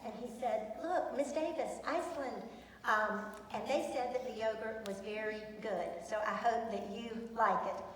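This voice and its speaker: A woman's voice: on the high side, fairly even intonation, moderate pace, few pauses, a bit bright, slight background noise. A woman teacher presenting to students, chatty and enthusiastic, with many ums. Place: large echoey school hall. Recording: echoey hall from far off.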